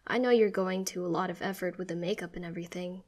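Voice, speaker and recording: A woman's voice: on the low side, fairly even intonation, fast talker, a little mellow, close to an everyday voice. A woman voicing an anxious, self-conscious young person speaking hesitantly in a read-aloud story. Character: anxious young person, boy turned girl.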